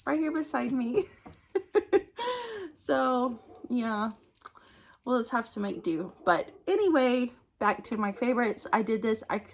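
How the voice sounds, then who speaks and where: This woman's voice sits on the high side, with slight background noise behind it. She's a book vlogger chatting casually at home into a phone camera for a monthly favorites vlog. She laughs often, keeps up the chatter, and gets distracted by her dog.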